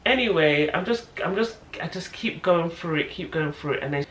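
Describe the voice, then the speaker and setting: A woman in her thirties telling a personal story to camera in a casual, animated way, acting out what other people said. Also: on the low side, normal speed. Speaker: vlogger, mother. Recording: echoey room with faint noise.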